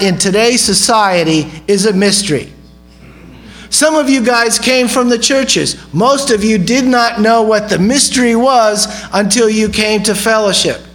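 A man's voice: sits high, fairly bright tone, poor audio. A man preaching a sermon in a conversational way, often asking the audience questions. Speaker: pastor.

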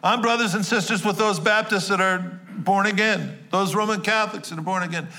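Bright-voiced joking preacher from New Jersey. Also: male voice, high-pitched. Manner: conversational and jokey, quick asides to the congregation. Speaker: pastor. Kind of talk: sermon.

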